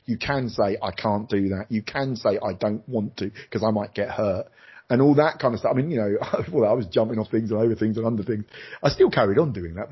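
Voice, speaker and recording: On a slightly dull lo-fi recording, a middle-aged ex-TV presenter gives an interviewer a frank, animated personal story. His voice is slightly rough, and he switches to high voices for quoted lines.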